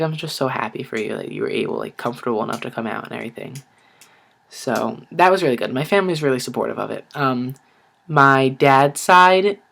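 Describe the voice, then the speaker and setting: A young man tells a story from his own life in a casual video, chatty and relaxed. He keeps saying "like" and acts out the lines of other people as he goes. His voice sits at an ordinary middle pitch. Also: vocal fry. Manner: chatty, lots of "like" and "I was like", acts out quotes. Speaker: vlogger.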